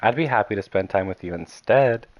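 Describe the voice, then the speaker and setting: Brief: man doing a meek young club president girl, soft-spoken, a little lower and quieter than his own voice, dry sound. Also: fairly quick, no room sound, muffled recording, lightly acted. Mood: gentle. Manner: soft, apologetic and soothing. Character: gentle indecisive young female club president.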